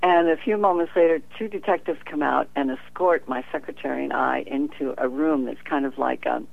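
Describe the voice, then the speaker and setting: A woman's voice: sits low, brisk, creaky, no room sound. A woman, a professional psychic, telling a story in an interview, acting out the dialogue and often laughing. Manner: animated storyteller, acts out quoted dialogue with frequent laughter. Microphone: telephone. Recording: tinny phone line.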